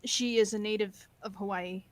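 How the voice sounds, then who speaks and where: A woman taking part in a casual group chat, matter-of-fact and quick to correct others. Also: medium pitch, steady tone, no room sound. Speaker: chat participant.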